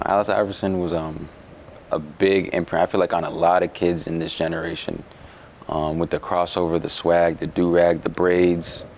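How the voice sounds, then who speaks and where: A young man, a college basketball player, answering interview questions in a relaxed, halting way with many fillers. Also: deep voice, slight background noise. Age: young adult.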